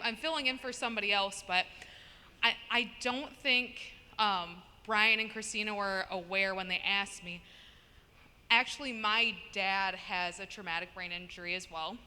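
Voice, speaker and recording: A woman's voice: on the high side, moderate pace, bright, forceful tone, smooth. A woman doing a stand-up comedy set, chatting with the crowd between stories. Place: comedy show venue. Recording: long reverb in a hall.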